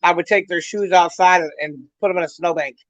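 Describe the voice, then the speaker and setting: A woman's voice: fairly low pitch, fairly even intonation, a little fast, no room sound, highs cut off. A woman hosting a casual livestream chat, telling brash, profane stories and often breaking into laughter. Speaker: livestream host.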